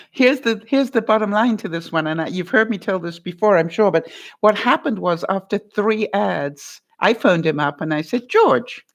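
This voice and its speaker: An older woman vlogger tells a story from her working life in a relaxed, chatty way, acting out the call and quoting both sides. Her voice sits at an ordinary middle pitch. She speaks as if talking straight to her viewers. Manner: animated anecdote-telling, quotes both sides of a phone call, laughs often. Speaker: vlogger giving life advice.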